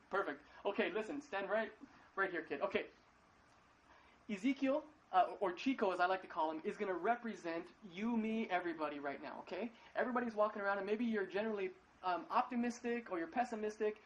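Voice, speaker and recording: A male pastor giving a casual sermon from his living room at home, talking in a halting way and often repeating words. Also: sits high, slight background noise, low-quality recording. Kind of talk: casual live-streamed sermon.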